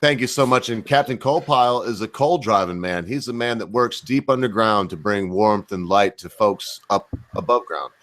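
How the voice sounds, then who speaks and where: Low-voiced joking male host. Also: moderate pace, hardly any pauses, a bit bright. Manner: boastful, joking, rambling. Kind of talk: casual livestream chat.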